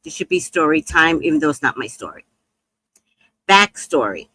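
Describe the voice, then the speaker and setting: A middle-aged woman casually telling a story about her shop, animated and swooping high when she acts out other people. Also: normal speed.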